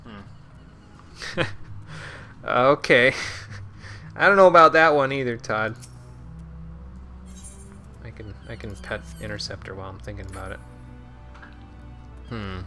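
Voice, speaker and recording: A young man with a bright, forceful voice chats casually while streaming a game, often trailing off into quiet mumbles and chuckles. Soft game music hums behind him. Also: on the low side, slow pace, long pauses. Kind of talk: casual gameplay commentary.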